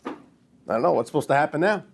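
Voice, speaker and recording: Rabbi for a lesson, fairly high male voice, jokey and chatty with the class. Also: expressive, quick pace, creaky, a little hiss or hum. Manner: jokey, addresses listeners as dear friends. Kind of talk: lecture with jokes.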